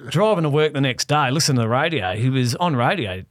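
Brief: forties Aussie bloke, comedian guest, animated yarn-spinner, dry close sound. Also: male voice, mid-range voice, fairly quick, no echo. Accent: Australian. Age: 40s. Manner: animated, swearing storyteller who laughs often. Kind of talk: casual storytelling chat.

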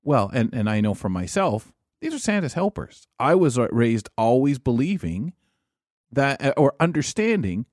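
Earnest halting man co-hosting a chat. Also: mid-range voice, big pitch swings, a little mellow, dry recording, clean studio sound. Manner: earnest, halting, repeats words at starts. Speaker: co-host. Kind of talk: casual chat.

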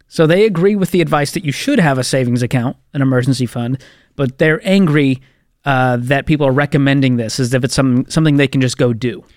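A man's voice: medium pitch, fairly quick, dry recording. Man reading listener questions, dry sound. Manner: reads listener questions aloud, conversational. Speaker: co-host. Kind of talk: casual radio show chat.

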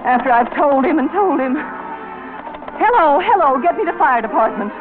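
An actress playing a kind, fussing housewife and mother, brisk when scolding and gentle when soothing, in 1940s radio acting. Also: a little high, very animated, loud music behind the voice. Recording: tinny old radio broadcast, faint hiss.

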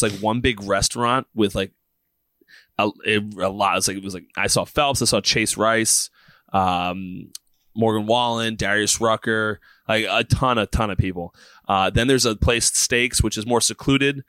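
A man co-hosting a podcast, chatting casually in a relaxed, joking and rambling way. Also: lowish voice, creaky, no room sound, studio quality. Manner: laid-back, joking, rambling with fillers. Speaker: podcast co-host, former pitcher.

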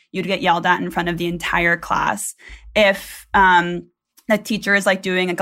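A woman's voice: on the low side, bright, forceful tone. A woman, a podcast producer, telling a story in casual chat, rambling with lots of likes and ums. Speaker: senior producer, guest.

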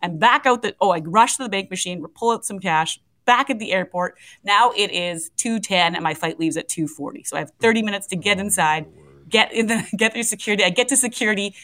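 On a low-quality recording, a middle-aged radio co-host with a medium-pitched voice speaks briskly as she spins a lively morning-show tale. She laughs often and performs the different voices in her story.

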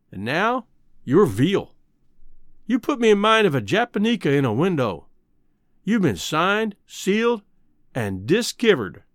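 A man reading aloud and voicing a gruff Western cowhand who scorns city ways, with a folksy, blustering drawl and rough slang. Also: high-pitched, a bit bright, no room sound, studio quality, exaggerated voice. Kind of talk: dramatic reading of a short story.

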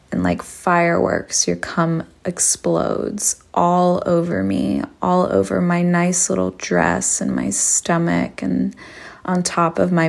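A woman narrates an intimate erotic story at an unhurried crawl, her low voice thick with gravelly fry. She stays hushed and sultry and slips into whispers. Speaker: podcast host.

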